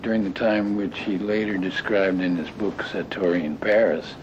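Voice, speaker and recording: An older man reminiscing in an interview, talking haltingly with many restarts and fillers. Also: low-pitched, fairly even intonation. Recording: dull lo-fi audio with clear noise.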